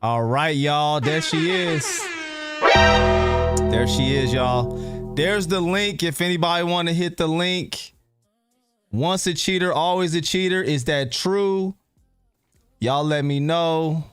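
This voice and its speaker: A man's voice: a little high, takes it slowly, pauses often, loud music behind the voice. A man hosting a casual live stream, laid-back and rambling as he talks to his viewers.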